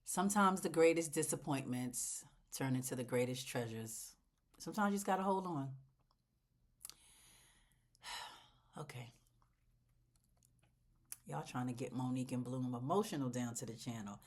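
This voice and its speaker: A woman hosting a casual plant vlog, talking straight to her viewers in a chatty, heartfelt way, swinging between loud exclamations and soft near-whispers. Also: a bass voice, expressive, moderate pace, long pauses. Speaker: plant channel host.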